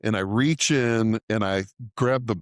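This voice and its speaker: Here the same kind of speaker, a middle-aged man co-hosting a casual podcast, tells a long, rambling, profane story punctuated by laughter. He talks a little slowly in a fairly low, clean-toned voice, captured close and dry with no room sound.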